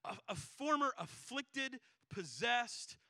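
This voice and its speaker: Pastor, male, bright and tense delivery, emphatic and earnest, dry studio sound. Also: extremely high pitch, sing-song, slow, dry recording. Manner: earnest, emphatic preaching with rhetorical questions. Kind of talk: sermon.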